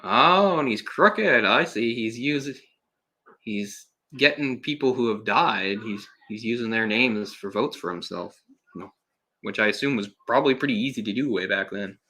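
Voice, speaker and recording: A man's voice: on the low side, animated, normal speed, bright, forceful tone. A young man giving casual, sarcastic live commentary on a film, exasperated and swearing at times. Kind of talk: solo live movie commentary.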